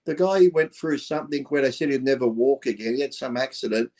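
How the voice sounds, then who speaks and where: A man chatting casually as co-host, relaxed and loose with slang. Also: mid-range voice, brisk. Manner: relaxed, chatty, says 'reckon' and 'and shit'. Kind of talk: casual chat.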